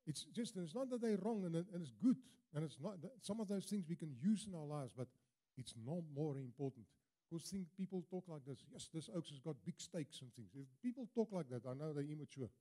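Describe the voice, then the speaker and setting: A man's voice: fairly high pitch, animated, fairly quick, warm tone. A South African-accented older man, an Afrikaans speaker, preaching earnestly as a guest preacher in a church, often repeating words for emphasis. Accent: South African English. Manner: earnest, emphatic with frequent repetitions. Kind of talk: sermon.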